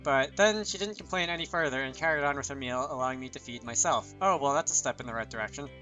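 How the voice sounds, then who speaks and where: A man's voice: medium pitch, fast talker, pushed and bright, soft background music. A man hosting his channel, reading a visual novel aloud and breaking off for chatty, self-deprecating asides. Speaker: channel host.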